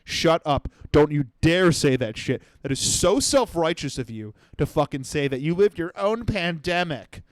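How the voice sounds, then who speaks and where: Exasperated ranting comedian, smooth voice. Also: male voice, a little high, expressive, moderate pace, hardly any pauses, no room sound. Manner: exasperated, profane, swings between mumbling and shouting. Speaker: podcast host. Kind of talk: comedic rant.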